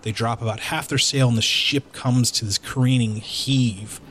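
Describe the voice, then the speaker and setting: A man's voice: medium pitch, fairly even intonation, fairly bright tone, slight background noise. A man narrating as game master of a tabletop game, often restarting and filling with ums. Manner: halting, restarts with fillers.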